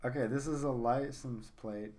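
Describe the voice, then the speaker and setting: A man's voice: mid-range voice, fairly even intonation, moderate pace, a little mellow. A man hosting a casual podcast chat, rambling enthusiastically and repeating himself. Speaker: podcast host.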